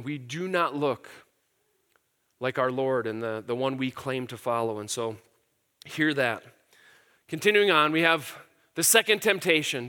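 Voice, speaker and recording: Man, middle-aged, pastor; high, bright voice, casual and earnest sermon. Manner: casual and earnest, with fillers and repeated words. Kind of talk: conversational sermon.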